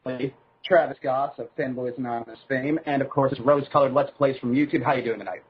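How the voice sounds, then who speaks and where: A man's voice: mid-range voice, steady tone, fast talker, breathy edge, dull audio. A Canadian man hosting a casual gaming podcast panel, giving rambling, upbeat introductions. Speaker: podcast host.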